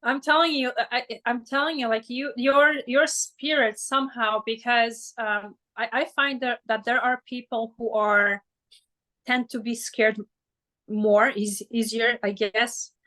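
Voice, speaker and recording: A woman hosting an interview, talking haltingly and searching for her words over a video call. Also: fairly high pitch, fairly even intonation, pushed and bright. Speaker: interview host. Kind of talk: casual conversation.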